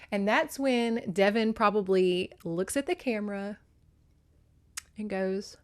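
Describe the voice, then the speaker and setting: A woman hosting a podcast, recapping a book on her phone in an animated, emotional way, swinging between loud and hushed and cursing freely. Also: mid-range voice, unhurried. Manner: laughs and curses freely. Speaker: podcast host. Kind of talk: casual book recap monologue.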